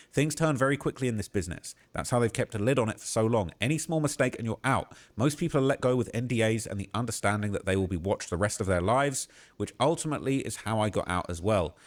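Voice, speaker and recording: Man, livestream host, low voice, reads a post aloud, streaming desk mic. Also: fast, few pauses. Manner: steady reading broken by shocked outbursts.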